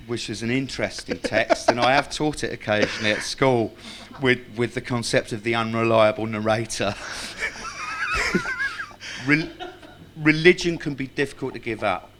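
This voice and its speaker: A man's voice: medium pitch, normal speed, fairly bright tone, slight background noise. A man speaking at a tribute evening, reciting a tribute poem and telling wry, self-mocking anecdotes to a live audience. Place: club function room with live audience.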